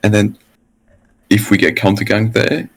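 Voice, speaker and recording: A man asking a coach for advice in casual chat, halting and full of fillers. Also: lowish voice, flat delivery, gravelly, rough recording. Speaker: player being coached.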